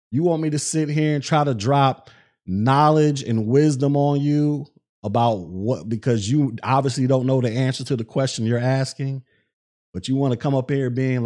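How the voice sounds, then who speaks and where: A middle-aged man hosting a livestream podcast, reading chat messages aloud and getting angry and profane with a viewer. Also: mid-range voice. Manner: irritated, profane, rising to shouting. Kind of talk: livestream commentary.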